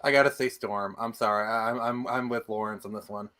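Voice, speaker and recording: A man's voice: lowish voice, steady tone, a little fast, sharp tone. A young man co-hosting a casual movie podcast, chatty and full of trivia, laughing easily. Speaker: podcast co-host. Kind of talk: casual movie review chat.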